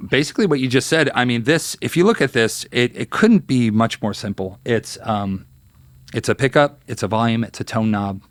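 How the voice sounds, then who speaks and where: Animated man telling guitar stories. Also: medium pitch, normal speed, no room sound. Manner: animated, acts out quotes, many fillers. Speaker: guest guitarist. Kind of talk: casual interview storytelling.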